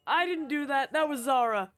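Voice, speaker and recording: A woman chatting casually while playing on a roleplay server, blunt and quick to swear. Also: high-pitched, animated, fairly bright tone, no echo, soft background music. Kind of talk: casual gaming chat.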